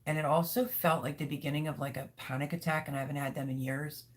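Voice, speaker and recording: Her voice sits low and steady as she talks fast. She's a woman running a casual livestream from home, speaking candidly, rambling, and reading viewers' comments.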